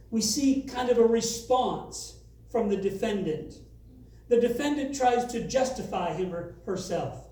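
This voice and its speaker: A man's voice: very high voice, dark tone, distant mic. A man preaching a sermon as a pastor, earnest, reading scripture aloud with rising emphasis. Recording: very echoey, from away from the mic.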